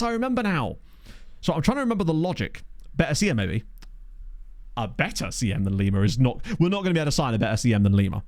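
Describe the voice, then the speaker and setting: Lively, chatty man playing a game. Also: medium pitch, dry recording, studio quality. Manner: chatty, thinking aloud, jokey asides. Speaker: gaming YouTuber. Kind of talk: casual let's play commentary. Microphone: desk microphone.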